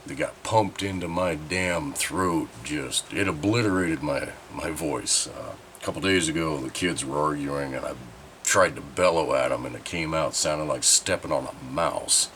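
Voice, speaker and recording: A man's voice: rumbling low, a bit bright, slight background noise. A man hosting his own channel, giving a rambling, candid update in a congested, nasal voice while he recovers from a sinus infection. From Southern Oregon. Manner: rambling, chatty and candid, with mild swearing. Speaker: channel host. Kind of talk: casual vlog update.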